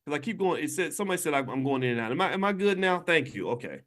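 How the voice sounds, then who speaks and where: A man's voice: fairly high pitch, sing-song, rapid-fire, a bit bright. A man hosting a livestream from a hotel room on his phone, talking emphatically and preachily straight to his viewers. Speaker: financial commentator and channel host.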